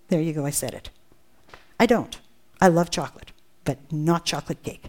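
A woman's voice: mid-range voice, expressive, normal speed. A woman preaching a sermon, earnest and emphatic, often asking rhetorical questions.

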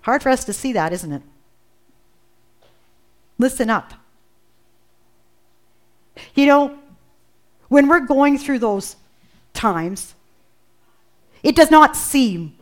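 Female preacher, fairly high voice, earnest, emphatic repeats, sermon delivery. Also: expressive, slow pace, long pauses. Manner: earnest, builds in intensity with emphatic repetition.

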